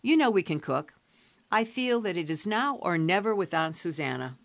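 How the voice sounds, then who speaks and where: A woman's voice: lowish voice, lively intonation, normal speed. A woman reading aloud, voicing an eager young woman who urges her sister on. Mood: encouraging. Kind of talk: audiobook character reading.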